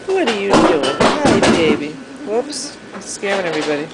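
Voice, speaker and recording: A woman's voice: mid-range voice, sing-song, normal speed, background noise. A mother at home talking to her pets in a sing-song baby-talk voice, filming a casual home video.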